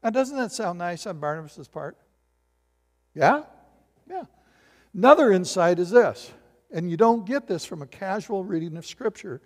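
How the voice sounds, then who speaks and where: Animated high-voiced male preacher. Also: normal speed, long pauses, long reverb tail. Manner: animated, acts out voices and asks the congregation questions. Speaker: pastor. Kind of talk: sermon.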